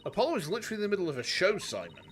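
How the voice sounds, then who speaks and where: A man's voice: high voice, wildly swooping pitch, racing, fairly bright tone, faint music behind, pitched above the performer's own voice, exaggerated voice. A man voicing a spirited young woman defense lawyer who talks in a brash, determined way.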